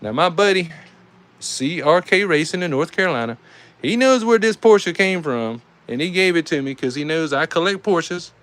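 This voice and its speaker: A man with a Southern US accent calling live die-cast car races, excitable and saying y'all, reading out times as each heat ends. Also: fairly high pitch, moderate pace. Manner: excitable, calls out race times, says y'all. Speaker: die-cast race host and commentator. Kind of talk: live race commentary.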